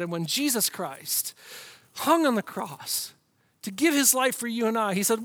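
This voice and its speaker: A man preaching a sermon with passion, rhythmic and repetitive, swinging between hushed whispers and loud emphatic lines. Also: extremely high pitch, animated, unhurried, dry recording. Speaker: pastor.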